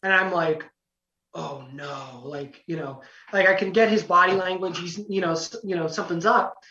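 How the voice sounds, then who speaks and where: A young man telling a story as a podcast guest, excited and rambling, full of fillers. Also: high-pitched, brisk, slight background noise. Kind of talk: casual storytelling. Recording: roomy, distant, dull lo-fi podcast audio.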